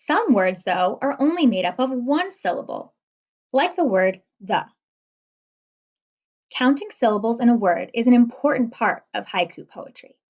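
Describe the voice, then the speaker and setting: A woman teacher talking children through a lesson, counting out syllables slowly and clearly. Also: on the high side, expressive, darkish tone, lo-fi sound.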